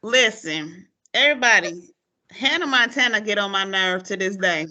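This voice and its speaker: A woman's voice: mid-range voice, moderate pace. A woman, hosting a casual chat and acting out her students' lines as she tells stories, laughing often. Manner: animated storyteller, acts out quotes, laughs often. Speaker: podcast host, former teacher.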